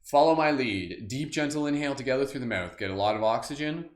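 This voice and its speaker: A man's voice: mid-range voice, animated, quick pace. Upbeat man guiding a meditation in an echoey room. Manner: casual and upbeat, many fillers, laughs often. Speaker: meditation host. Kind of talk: live guided group meditation. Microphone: livestream camera mic.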